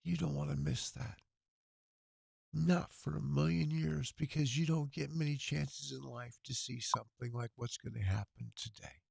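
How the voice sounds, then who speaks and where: A man hosting a livestream telethon, earnest and preachy, speaking with a hoarse, tired voice. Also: fairly high pitch, fairly even intonation, normal speed, darkish tone, dry recording, clean studio sound. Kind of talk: casual livestream talk with prayer.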